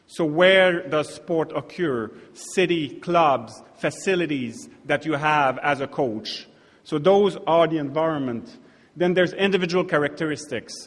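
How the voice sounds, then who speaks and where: A man with a French-Canadian accent gives an academic talk, his voice a touch higher than most men's. He pauses and restarts his phrases often. The sound rings with the long reverb of a big lecture hall. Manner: hesitant, many restarts and fillers. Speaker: keynote speaker.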